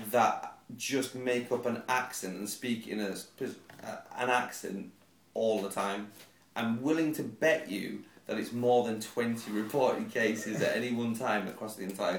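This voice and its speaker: A man's voice: lowish voice, moderate pace. A man co-hosting a podcast, talking casually and rambling through theories with bets. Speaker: podcast co-host. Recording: roomy sound, mic at a distance, faint noise.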